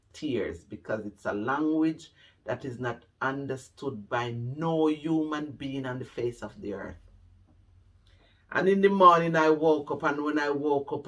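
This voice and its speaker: Jamaican man, middle-aged, vlog storytelling; slow, earnest, repetitive; mic set back a bit. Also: mid-range voice, fairly bright tone, distant mic. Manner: slow, heartfelt, repeats phrases for emphasis. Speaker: vlogger telling his life story. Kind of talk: personal storytelling to camera.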